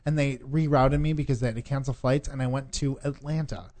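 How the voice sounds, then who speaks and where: A man in casual chat among friends, excitable and quick to swear and laugh. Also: mid-range voice.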